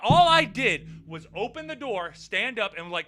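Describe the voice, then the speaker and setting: A man telling a road-rage story in a casual vlog, swearing freely and swinging between muttering and near-shouting. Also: very high voice, animated, normal speed, hardly any pauses. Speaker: vlogger.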